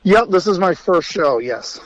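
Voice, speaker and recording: A man's voice: high voice, lively intonation, measured pace, highs cut off. A man who is a guest lure maker, calling in by phone and giving brief, easygoing answers. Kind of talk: casual interview chat. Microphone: phone call.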